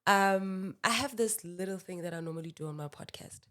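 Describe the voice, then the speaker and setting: A woman's voice: medium pitch, a little fast, a bit bright. A woman hosting a podcast interview, attentive and affirming. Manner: attentive, affirming, frequent murmurs of agreement. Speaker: podcast host.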